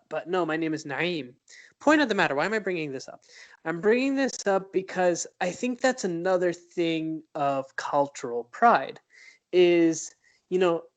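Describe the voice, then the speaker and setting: A man co-hosting a podcast, chatting casually and thoughtfully, pausing often with fillers and restarts. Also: a little high. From United States. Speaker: podcast co-host. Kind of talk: casual chat.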